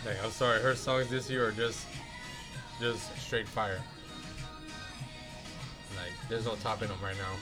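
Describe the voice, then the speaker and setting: Man, co-host, casual chat, unhurried, laughs often, clear music behind. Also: lowish voice, little pitch movement. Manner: slow, laughs often, fan-like enthusiasm. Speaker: podcast co-host. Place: restaurant.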